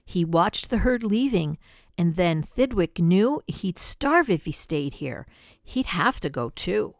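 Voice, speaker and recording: Brief: grandmotherly storyteller, slow and lively, dry close recording. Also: fairly low pitch, no room sound. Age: older. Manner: slow, lively, dramatic with whispered asides. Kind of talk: reading a picture book aloud.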